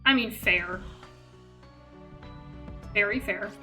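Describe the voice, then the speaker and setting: A woman's voice: medium pitch, very slow, bright, forceful tone, soft background music, poor audio. A woman streamer giving playful, self-mocking commentary while playing a game live.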